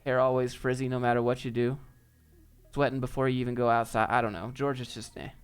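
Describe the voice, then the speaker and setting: Male streamer, mid pitch, smooth voice, casual and wisecracking. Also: little pitch movement, fast. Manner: laid-back, joking, off-the-cuff. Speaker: streamer answering viewer chat. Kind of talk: casual live chat Q&A.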